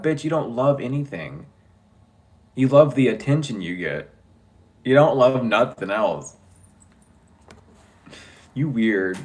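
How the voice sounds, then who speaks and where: A man's voice: medium pitch, expressive, slow pace, long pauses. A man giving a casual tarot reading, talking bluntly and joking with frequent swearing. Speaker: tarot reader.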